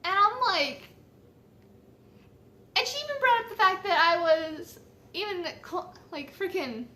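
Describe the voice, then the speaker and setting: Bright high-voiced woman telling a story. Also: expressive, unhurried. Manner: chatty, swears freely, laughs at her own story. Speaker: vlogger telling a personal story. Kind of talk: casual storytime.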